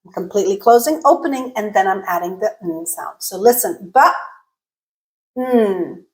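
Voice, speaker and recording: A woman giving a video lesson on English pronunciation, explaining clearly and deliberately and demonstrating sounds slowly. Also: medium pitch, expressive, darkish tone, poor audio.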